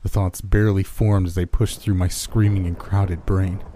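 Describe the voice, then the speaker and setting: A man narrating a horror story in a measured, dramatic way. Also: deep voice, level tone, warm tone, slight background noise.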